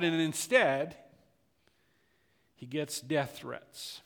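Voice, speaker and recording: A man's voice: medium pitch, expressive, a little slow, long pauses, a bit bright. A man preaching a sermon as pastor, building intensity with many repeated words. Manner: preaching with rising intensity and frequent repetitions. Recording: long hall reverb.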